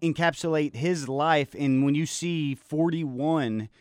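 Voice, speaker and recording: A man's voice: a little high, takes it slowly. A man in his thirties co-hosting a sports talk show, speaking in long, reflective run-on sentences. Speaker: podcast co-host. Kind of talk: casual chat.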